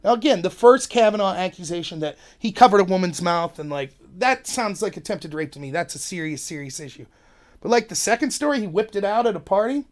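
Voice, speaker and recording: A man hosting a podcast, delivering an animated, rambling opinion monologue and acting out quotes in other voices. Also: high voice, fairly quick. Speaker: podcast host.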